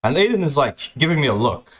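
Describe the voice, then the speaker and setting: A man's voice: big pitch swings, a bit bright. Aggrieved young man ranting a story. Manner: aggrieved, profane, repetitive, fast-swinging pitch. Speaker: streamer telling a story. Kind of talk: ranting anecdote.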